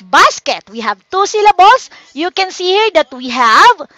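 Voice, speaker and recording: High-voiced slow Filipino woman teacher. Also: sing-song, background noise. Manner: slow, coaxing teacher talk, reading out learners' names. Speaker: online tutor. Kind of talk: livestreamed children's phonics lesson.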